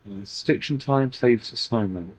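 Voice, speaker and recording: A man channeling a playful, teasing female spirit in a slow, halting way, in a channeling session. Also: medium pitch, a little mellow, dry recording, lightly acted. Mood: measured. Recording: dull dry lo-fi recording.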